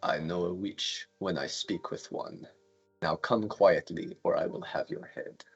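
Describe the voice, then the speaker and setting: A man's voice: low-pitched, a little slow, creaky, slightly rough, lo-fi sound, faint music behind, pitched below the performer's own voice, heavily acted. Man doing a cold menacing zealot knight.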